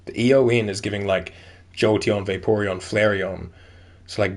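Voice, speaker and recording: A man's flat, low-side voice moves at a normal speed while he streams a video game. Casual and rambling, he reads in-game notes aloud and keeps dropping "like" and "um."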